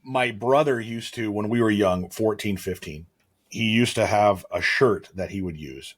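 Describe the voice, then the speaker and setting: A man co-hosting a podcast, telling a story in an animated way and laughing into his lines. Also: lowish voice, measured pace, slightly rough. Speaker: podcast co-host. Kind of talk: casual chat.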